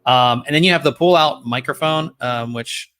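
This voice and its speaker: A man's voice: mid-range voice, moderate pace. A man hosting a laid-back tech podcast, chatting loosely with lots of ums and false starts. He is recorded close on a good studio microphone. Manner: relaxed and rambling, many ums and restarts. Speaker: podcast host. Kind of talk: casual tech podcast chat.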